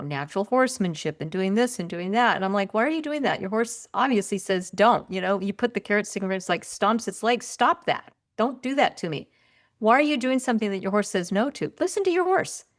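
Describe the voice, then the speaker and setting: An older woman, a podcast guest, telling stories in a lively, conversational way and often raising her voice when she quotes herself. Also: medium pitch. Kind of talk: conversational storytelling.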